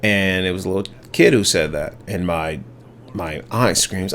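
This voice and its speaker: A young man hosting a podcast, telling a story in a reflective, halting way with many restarts. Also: sits low, fairly bright tone, a little hiss or hum. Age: young adult. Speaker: podcast host. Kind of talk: casual storytelling monologue.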